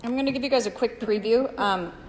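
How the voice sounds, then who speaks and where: A woman co-hosting a sales show, reading viewer comments and pitching products with frequent laughter. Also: fast talker, roomy sound. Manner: giggly, laughs often, upbeat pitch. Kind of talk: casual chat and sales pitch.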